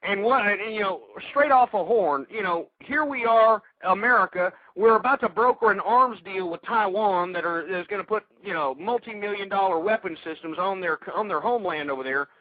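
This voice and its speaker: Angry high-voiced man ranting on radio. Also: moderate pace, few pauses, no echo. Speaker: radio talk show host. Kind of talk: political talk radio rant. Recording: tinny phone-like radio audio.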